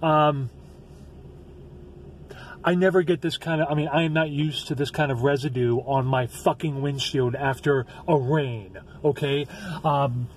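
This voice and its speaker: A man ranting in a vlog from his vehicle into a phone, swearing a lot and breaking into shouts. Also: medium pitch, steady tone, a little slow, a little hiss or hum. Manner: angry, profane, swings into shouting. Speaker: vlogger.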